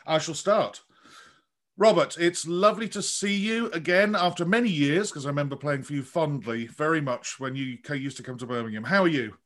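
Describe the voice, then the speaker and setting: A man hosting an interview podcast, chatty and quick to laugh. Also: fairly high pitch, fairly bright tone. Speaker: podcast host. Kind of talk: conversational interview.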